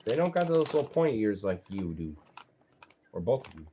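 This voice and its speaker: A man's voice: on the low side, big pitch swings, fairly quick, dark tone, a little hiss or hum. A young man vlogging casually, talking to his dogs in a rambling, profane way full of fillers.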